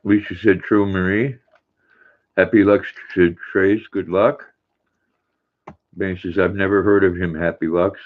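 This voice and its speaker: Older man, deep voice, tinny phone sound. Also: little pitch movement, unhurried, long pauses. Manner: folksy, warm with his dog, chatty. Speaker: livestream host. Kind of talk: reading viewer chat aloud on a livestream.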